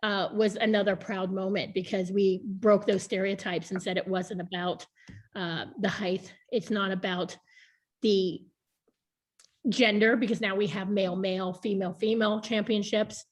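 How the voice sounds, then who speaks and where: A board member in her thirties chats over video as an interviewee, speaking frankly about earlier years and laughing often. She has a mid-range voice with little pitch movement and a moderate pace.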